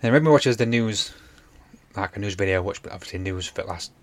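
A man's voice: on the low side, brisk, slight background noise. Rambling man, casual. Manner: rambling retelling with many fillers. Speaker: podcast co-host. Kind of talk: casual chat.

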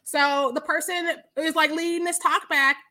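A woman with a high, bright voice co-hosts a casual podcast chat. She tells stories animatedly, swearing freely and piling on the details. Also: moderate pace. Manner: animated, profane storytelling with laughs. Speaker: podcast co-host.

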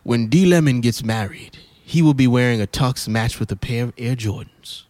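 A man hosting a podcast, interviewing a guest with quick affirmations and a playful manner. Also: medium pitch, darkish tone, no echo. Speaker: podcast host.

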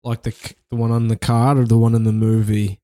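Guy cracking crude deadpan jokes, normal pitch, dry mic. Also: brisk, no echo. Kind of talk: casual comedic banter.

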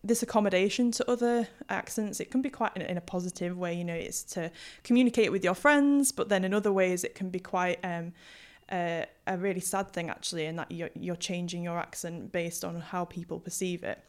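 A woman's voice: fairly low pitch, brisk, few pauses. A young woman with a Yorkshire accent tinged with Hull, a linguist talking through her ideas with lots of ums and restarts. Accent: Yorkshire with some Hull. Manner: thoughtful, many fillers and restarts. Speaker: guest historical linguist. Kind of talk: casual podcast interview.

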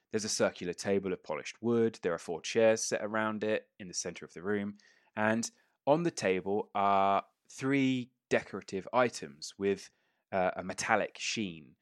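A man's voice: fairly low pitch, dry recording, clean studio sound. A man narrating a tabletop game as game master, casual and sweary, laughing often.

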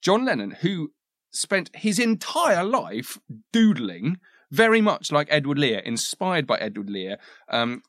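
A man's voice: a little high, big pitch swings, measured pace, fairly bright tone, dry recording, clean studio sound. A man talking on a history podcast, enthusiastic, with some hesitant fillers as he explains and reads poems aloud.

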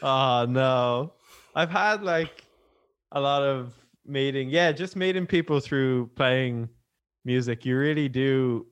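A young man, a musician guest on a podcast, chatting in a relaxed, easygoing way. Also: medium pitch, slow pace, clean tone. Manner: relaxed, easygoing, reactive interjections. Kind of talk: casual chat.

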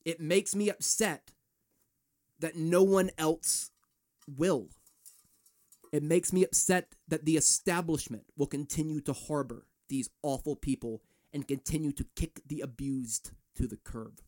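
A man's voice: a little high, measured pace, darkish tone. A man hosting a solo podcast, ranting in a fired-up, profane way. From United States. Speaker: podcast host.

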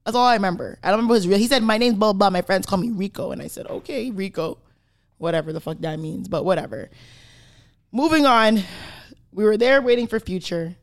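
A woman's voice: mid-range voice, quick pace. A young woman co-hosting a podcast, telling stories in casual chat, full of "like"s and swearing freely. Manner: animated storytelling, swears freely, many "like"s. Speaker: podcast co-host.

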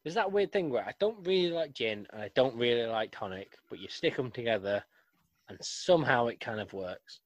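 A man's voice: mid-range voice, expressive, brisk. A man co-hosting a podcast, teasing his friends in casual banter. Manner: dry teasing. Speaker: podcast co-host.

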